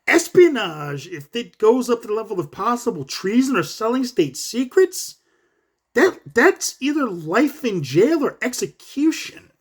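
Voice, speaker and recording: Man, vlogger, profane rant, high lively voice, swings up and down a lot, talks in quick bursts. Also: breathy edge. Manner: profane, animated, fast bursts, acts out quotes. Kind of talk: casual commentary rant.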